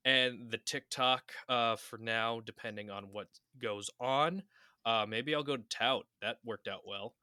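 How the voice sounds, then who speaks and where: A man hosting a podcast with a dry, self-mocking, somewhat flat delivery. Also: mid-range voice, smooth, no room sound. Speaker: podcast host. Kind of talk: casual podcast chat.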